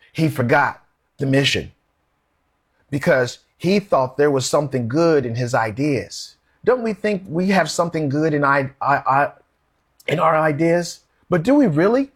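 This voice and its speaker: A man's voice: medium pitch, animated, measured pace, breathy edge. A man preaching a sermon in a conversational, emphatic way, posing questions to his listeners.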